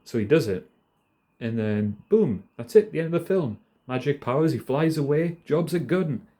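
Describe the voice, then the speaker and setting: A man's voice: a little high, lively intonation, moderate pace, mellow. A man ranting in a casual, rambling way on a phone held in his hand, swearing freely and laughing often. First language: not American. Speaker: vlogger.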